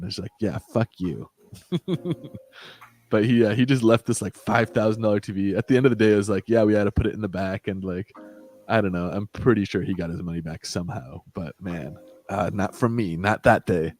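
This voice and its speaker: A man's voice: lowish voice, darkish tone. A young man co-hosting a casual podcast, telling a swearing, laughing retail work story. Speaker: podcast co-host. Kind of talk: casual chat.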